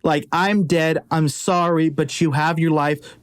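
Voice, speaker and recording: A man voicing the gentle spirit of a young woman, softly pleading. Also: fairly high pitch, fairly even intonation, unhurried, clear, resonant tone, dry recording, studio quality, lightly acted.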